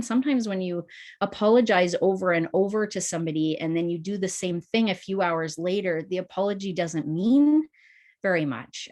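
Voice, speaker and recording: A mother earnestly explaining a problem between her children and asking for advice, sometimes halting as she thinks. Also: fairly low pitch. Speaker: parent asking a question. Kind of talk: asking a question in a Q&A call.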